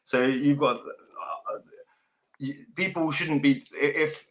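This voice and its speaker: Bright-voiced man, forthright. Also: medium pitch, a little slow, poor audio. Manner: forthright, swears, addresses listener as mate. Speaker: family law consultant and podcast host. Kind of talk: casual chat.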